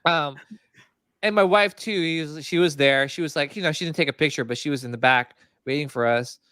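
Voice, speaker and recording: A man hosting a podcast in casual chat, animated and laughing as he tells stories. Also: on the high side, brisk, smooth, no room sound, clean studio sound. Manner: animated, laughs and puts on voices while telling stories. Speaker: podcast host.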